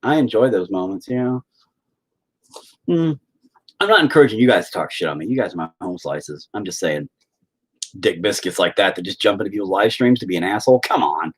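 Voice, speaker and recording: A man chatting casually with his viewers on a live stream, crude and joking, sometimes bursting into loud high-pitched exclamations. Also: brisk, slightly rough. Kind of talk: casual chat.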